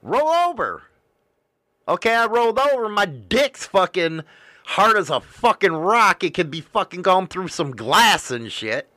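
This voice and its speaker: Male host, crude and profane rambling storyteller, bright voice, slow delivery. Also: high voice, expressive, dry recording, clean studio sound. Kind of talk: casual storytelling.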